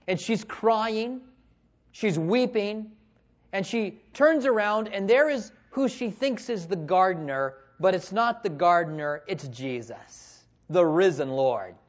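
A man preaching a sermon, telling stories with animated swings between loud bursts and hushed tones, on a dull lo-fi recording. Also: high-pitched. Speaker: pastor. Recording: dull lo-fi sound.

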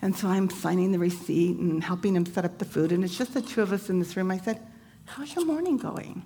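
A woman's voice: fairly low pitch, steady tone, fast, warm tone. A woman sharing a personal faith testimony, retelling events vividly and conversationally with casual fillers. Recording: long hall reverb, faint background noise.

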